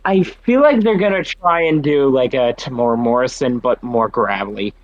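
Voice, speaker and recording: A man chatting casually as a podcast host, swearing often and reacting quickly. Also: mid-range voice, highs cut off. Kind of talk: casual chat.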